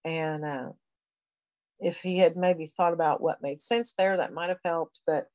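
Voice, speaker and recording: Woman, professor, low voice, dry sound, casual lecture, easygoing explanations. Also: fairly even intonation, measured pace, darkish tone, no echo, lo-fi sound. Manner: conversational, explanatory, with frequent fillers. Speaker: education professor. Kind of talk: recorded lecture walking through a reading assessment.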